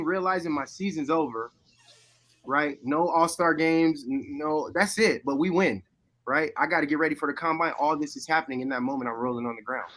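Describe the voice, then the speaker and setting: A man telling a football story in a casual podcast chat, animated and loud at times. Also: a little high, fairly quick. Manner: animated storyteller, shouting replays. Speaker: former player guest.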